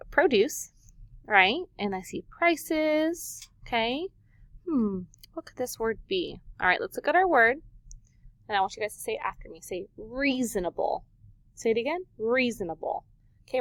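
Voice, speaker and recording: A woman teacher giving a vocabulary lesson to grade-schoolers in a dry, close recording. She speaks patiently and clearly at a mid pitch, stretching words slowly for the class to repeat. She checks in with the kids after nearly every point. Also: no echo. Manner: patient, clear, checks in often with "okay?" and "right?".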